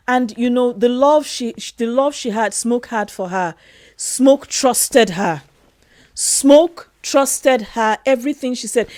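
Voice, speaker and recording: A woman talking casually and emotionally about a film she loves, slowly repeating her phrases. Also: fairly high pitch, dry recording, studio quality. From Europe. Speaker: film review vlogger. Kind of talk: casual film review vlog.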